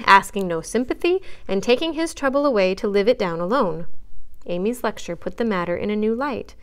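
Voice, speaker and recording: A woman's voice: medium pitch, fairly bright tone, clean tone. Woman reading a storybook aloud. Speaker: children's librarian reading aloud. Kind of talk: storytime read-aloud narration.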